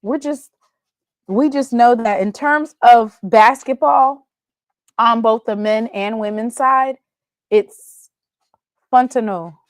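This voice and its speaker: A woman hosting a casual sports show, excitable and answering chat commenters by name. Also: on the high side, takes it slowly, pauses often, dry recording, studio quality.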